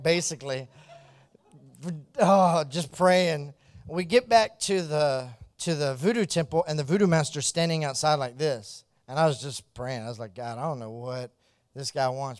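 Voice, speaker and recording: A man telling a mission story as a testimony. He laughs often, acts out the dialogue and drops to a hushed, earnest tone when it turns serious. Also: a little high, no room sound, studio quality.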